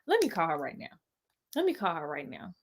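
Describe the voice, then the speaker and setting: A woman's voice: lowish voice, brisk. A young woman, casually telling a story on a live stream and talking straight to her viewers. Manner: animated, sassy, addresses viewers as y'all.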